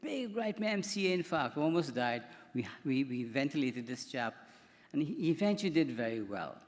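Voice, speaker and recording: A man's voice: a little high, very animated, normal speed. Male doctor at a conference, slightly raised voice, loose rambling delivery, conference-hall reverb. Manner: chatty, rambling, with repeated words. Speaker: doctor giving a conference talk. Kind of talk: conference presentation.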